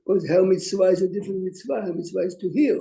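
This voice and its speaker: A male rabbi gives a Talmud study class. He races through readings of the texts, then slows down to explain them and tells his students to listen. His voice sits high yet sounds very dark, and it carries a roomy classroom echo. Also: gravelly.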